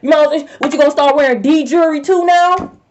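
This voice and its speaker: A high-voiced young woman gives a tarot reading on a live stream. She talks bluntly and confrontationally, swearing freely as she calls people out. The audio is muffled and lo-fi. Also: fairly quick, a little mellow. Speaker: tarot reader.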